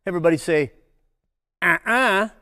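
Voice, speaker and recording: A man's voice: high voice, normal speed, sharp tone, long reverb tail. Older man leading playful crowd chants. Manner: playful call-and-response, leads crowd chants. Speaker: nature educator. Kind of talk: interactive children's nature program.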